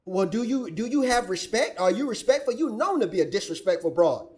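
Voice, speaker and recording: A man's voice: sits high, sing-song, brisk, a little mellow. A man hosting a reaction commentary, scolding and preaching as he rants. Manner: preachy, scolding, quotes scripture. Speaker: commentary channel host.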